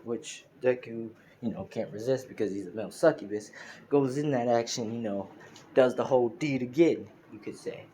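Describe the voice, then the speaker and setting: A man's voice: medium pitch, moderate pace, dark tone, slight background noise. A man casually retelling a fan-made story, rambling with lots of fillers and laughing at his own slips. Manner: rambling, full of fillers like "you know" and "pretty much".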